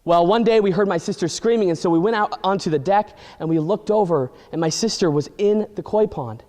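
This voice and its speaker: A man telling an exaggerated comic story with animated, deadpan delivery. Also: high-pitched, a little fast. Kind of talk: comedic storytelling. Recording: long hall reverb.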